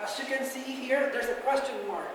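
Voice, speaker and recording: Young teacher, echoey classroom. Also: female voice, sits high, normal speed, far from the mic, a little hiss or hum. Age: young adult. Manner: patient, encouraging, repeats key points. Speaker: student teacher. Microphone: far camera.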